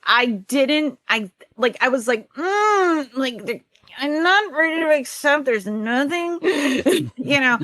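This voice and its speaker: Guest: New England woman, forties, bright, dry close sound, chatty storyteller who quotes herself. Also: fairly high pitch, dry recording. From New Hampshire. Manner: chatty, quotes herself often, laughs easily. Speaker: podcast guest. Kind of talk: casual interview conversation.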